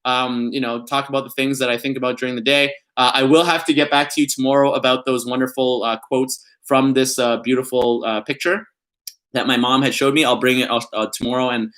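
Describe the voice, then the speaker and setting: A man's voice: mid-range voice, fairly even intonation, a little fast, a bit bright. Giggly young man chatting playfully. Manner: playful, giggly, reads puns in a put-on emphatic voice. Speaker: vlogger. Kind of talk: casual vlog chat.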